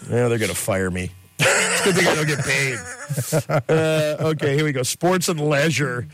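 A man's voice: a little high, lively intonation, moderate pace, fairly bright tone, dry recording. A man hosting a casual radio chat, jokey and playful, laughing often. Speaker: radio host.

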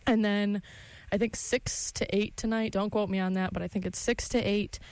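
A woman's voice: mid-range voice, fairly even intonation, normal speed, darkish tone, no room sound. A young woman hosting a college radio show, chatting casually and laughing often. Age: young adult. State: out of breath. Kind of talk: casual chat.

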